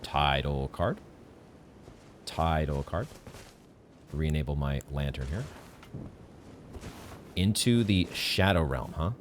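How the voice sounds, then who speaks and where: A man's voice: a bass voice, animated, slow, pauses often, slight background noise. A man streaming a blind playthrough of a video game, chatting and musing aloud in a playful way. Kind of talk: live gameplay commentary. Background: game music.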